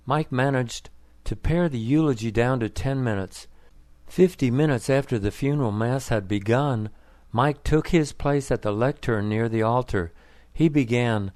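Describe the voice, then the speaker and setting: A man narrating a story for English learners in an even, plain reading manner. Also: mid-range voice, normal speed, no echo.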